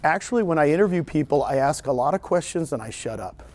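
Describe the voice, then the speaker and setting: A middle-aged man with a Texan accent, giving an animated seminar talk to a room of agents and joking with them. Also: a little high, fast. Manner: animated storyteller, jokes with audience. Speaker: real estate trainer. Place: meeting room with audience.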